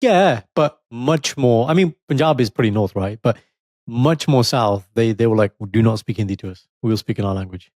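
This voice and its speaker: A man, co-hosting a podcast in animated casual chat. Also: mid-range voice, moderate pace, dry recording, studio quality. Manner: animated, puts on voices in retold quotes. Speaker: podcast co-host.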